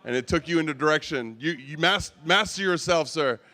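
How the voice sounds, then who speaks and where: A man's voice: a little high, brisk, bright, forceful tone. A man hosting a comedy show, giving the comic casual feedback after his set.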